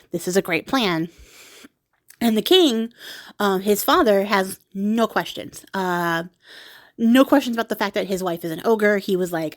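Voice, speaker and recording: Woman craft vlogger, casual storyteller, giggly and sarcastic, chatty with filler words. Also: mid-range voice.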